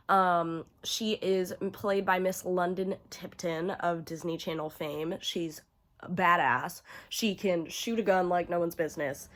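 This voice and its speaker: A woman's voice: on the low side, a bit bright. A young woman giving casual, profane ranking commentary to camera, chatty and full of fillers, gushing about favorites. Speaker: horror video creator.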